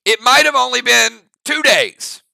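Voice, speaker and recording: A man's voice: very high-pitched, unhurried, creaky, bright, forceful tone, dry recording. A man hosting a live-stream reaction show, chatting loosely with his viewers and thinking aloud with many restarts. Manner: rambling, thinks aloud with restarts, talks straight to chat.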